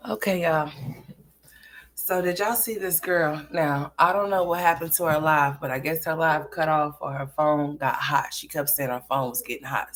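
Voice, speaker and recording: A woman hosting a casual livestream, greeting viewers and chatting in a voice that is cracking and hoarse. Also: deep voice. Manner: chatty, greets viewers by name, drops into whispers. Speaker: livestream commentary host.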